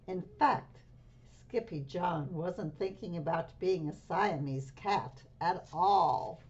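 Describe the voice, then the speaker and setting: A woman reads a picture book aloud to children, expressive and unhurried. Her voice is soft and breathy at a slow pace. The recording sounds dull and lo-fi. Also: on the low side. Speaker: storybook reader.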